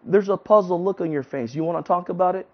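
A man voicing a calm, kindly male night custodian who speaks patiently and reassuringly. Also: high voice, quick pace. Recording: dull lo-fi recording.

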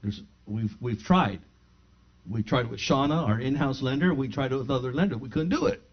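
A middle-aged man preaching from his own living room, telling a personal story of faith. He acts out each side of a conversation with lively shifts. The recording sounds a little muffled and lo-fi. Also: medium pitch, moderate pace. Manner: animated storyteller who acts out both sides of a dialogue. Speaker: pastor. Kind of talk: sermon with personal testimony. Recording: slightly dull lo-fi sound.

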